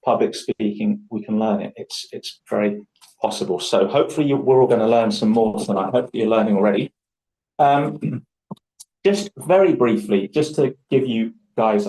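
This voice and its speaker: In a low-quality recording, a fairly low-pitched young Scotsman hosts a live workshop on public speaking. He's animated and performs different voices when telling anecdotes.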